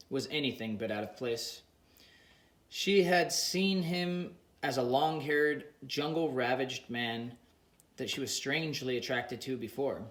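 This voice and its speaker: A man narrating an audiobook in a plain, unhurried reading voice. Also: mid-range voice, fairly bright tone, echoey room.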